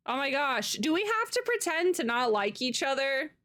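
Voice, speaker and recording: A woman's voice: high-pitched, sharp tone. An American woman livestreamer chatting casually with viewers, rambling and laughing often. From United States. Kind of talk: casual chat with live viewers.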